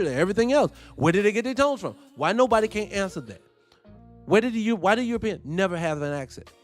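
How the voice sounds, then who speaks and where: A man hosting casual reaction commentary, animated and profane, firing off rhetorical questions. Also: high voice. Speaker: host.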